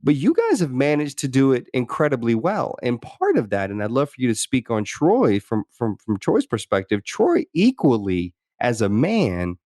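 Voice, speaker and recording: Speaking at a normal pace with hardly any pauses, a man hosts a podcast and thoughtfully works through personal stories, often restarting and dropping "you know." His voice is mid-range and mellow, with wildly swooping pitch. It's studio-quality audio with no echo.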